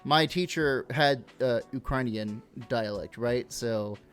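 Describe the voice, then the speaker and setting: Young dude on a podcast, mid-pitch voice, rambly and chill, swears a lot, faint music under it. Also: male voice, slow pace, a bit bright, clean tone. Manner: rambling, laid-back, swears freely. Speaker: podcast co-host. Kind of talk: casual podcast chat.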